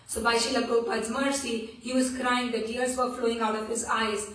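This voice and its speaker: A woman's voice: fairly high pitch, flat delivery, brisk, hardly any pauses, a bit bright. A woman giving a devotional scripture class at a temple, telling stories earnestly with frequent restarts. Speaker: temple speaker. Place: temple hall. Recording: echoey room from far off.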